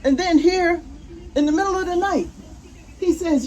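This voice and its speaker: A grandmother type with a very high voice reads a picture book aloud to her grandkids, gently and slowly, asking them questions as she goes. The audio is poor, and faint roofing work can be heard.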